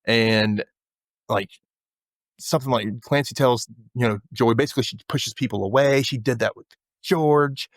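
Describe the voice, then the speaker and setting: A man's voice: medium pitch, moderate pace, no echo, clean studio sound. A man hosting a podcast, recapping a TV episode in casual chat and acting out the characters' lines. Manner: animated retelling, acts out characters' lines. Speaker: podcast host.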